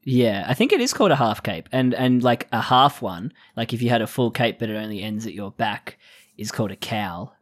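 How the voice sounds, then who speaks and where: A man's voice: medium pitch, animated, fairly quick. A man co-hosting a podcast, chatting loosely and laughing, with trailing sentences and casual swearing. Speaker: podcast co-host. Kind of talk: casual chat about anime.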